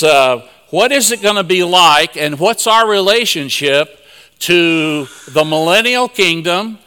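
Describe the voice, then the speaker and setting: High, bright-voiced man preaching in a hall. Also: smooth. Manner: folksy, chuckling storyteller. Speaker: conference speaker. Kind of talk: sermon with personal anecdotes.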